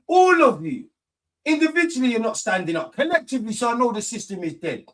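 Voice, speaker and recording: A man hosting a live football watch-along, swearing a lot, muttering to himself and shouting at goals. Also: very high voice, big pitch swings, fairly quick. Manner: mutters quietly to himself between outbursts.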